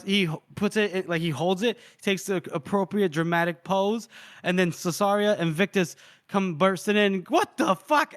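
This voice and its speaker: A man's voice: high-pitched, a bit bright, no echo, clean studio sound. A man co-hosting a book podcast, casually retelling scenes and acting out the characters' lines in changing voices. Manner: acts out characters' lines with shifting voices and laughs. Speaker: podcast co-host.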